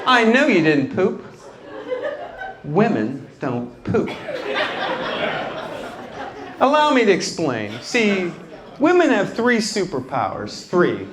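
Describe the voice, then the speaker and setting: A man's voice: high-pitched, background noise. A man doing a stand-up comedy set in a night club, acting out quotes with lots of energy. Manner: animated, acts out quotes. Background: laughing crowd.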